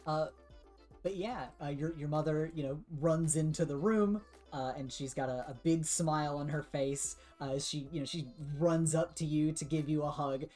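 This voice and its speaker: Lady running a tabletop game, low mellow voice, music faint behind. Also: normal speed. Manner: relaxed, chatty, laughs often. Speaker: game master.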